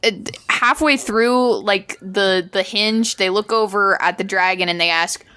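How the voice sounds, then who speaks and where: A woman's voice: mid-range voice, a little slow, bright, forceful tone, clean tone. A woman playing a tabletop game, narrating her character with wry, chatty asides. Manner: wry, chatty, lots of fillers. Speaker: player. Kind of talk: casual tabletop game play.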